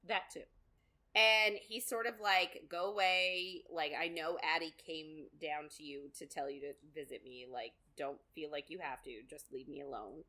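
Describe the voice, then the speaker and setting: A woman's voice: low-pitched, steady tone, moderate pace, fairly bright tone. A woman co-hosting a podcast, chatting casually through a book recap with lots of fillers and quoted asides. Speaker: podcast co-host.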